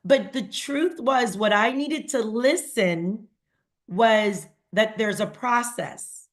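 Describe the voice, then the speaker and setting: A woman's voice: medium pitch, animated, takes it slowly, fairly bright tone. A woman giving a motivational talk to her team, speaking earnestly to them and acting out conversations as she retells them. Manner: earnest, addresses listeners directly; acts out quoted dialogue with a raised voice. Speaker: team leader speaking to a sales team.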